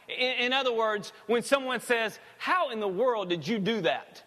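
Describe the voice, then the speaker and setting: Man, pastor, high voice, folksy sermon, long hall reverb. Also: normal speed, hardly any pauses, sharp tone. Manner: casual, folksy preaching with asides. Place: church sanctuary.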